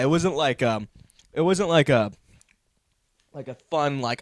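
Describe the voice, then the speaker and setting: A man's voice: medium pitch, normal speed, dry recording, clean studio sound. A young man hosting a comedy podcast, ranting in a meandering, profane, self-deprecating way. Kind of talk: rambling comedic monologue.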